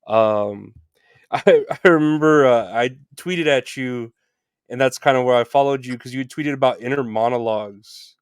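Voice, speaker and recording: A male podcast host with a smooth, resonant voice and a mid-range pitch. He talks in a halting, friendly way, trips over his words and adds agreeable "mm-hmm"s. The sound is dry and close. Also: dry recording. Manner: halting, restarts, agreeable backchannels. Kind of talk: casual interview chat.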